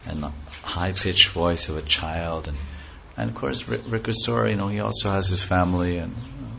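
A man telling a scripture story as a lecture, animated, acting out characters' voices and laughing often. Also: low voice, moderate pace, vocal fry, slight background noise. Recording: dull lo-fi recording with faint ambience.

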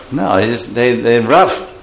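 A man whose voice sits on the high side leads a scripture class, with slight background noise present. He animatedly acts out voices while explaining terms.

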